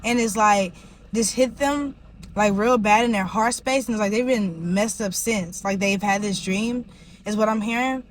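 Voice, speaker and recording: Woman doing a laid-back tarot reading, mid-pitch voice, says like a lot, light hiss behind. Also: normal speed, poor audio. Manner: rambling, heavy use of "like" fillers. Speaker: tarot reader.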